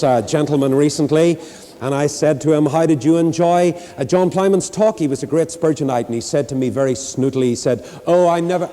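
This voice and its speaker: A man's voice: mid-range voice, dark tone, in a large hall. An older man with a Northern Irish accent, preaching in a folksy storytelling way and acting out the people in his tales. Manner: folksy storyteller doing voices. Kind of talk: storytelling sermon.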